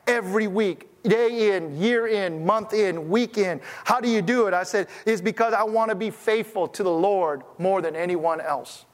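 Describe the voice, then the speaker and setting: A man with a high voice preaches a sermon as a pastor, telling stories conversationally and often stammering and restarting his sentences. A long reverb tail follows his words.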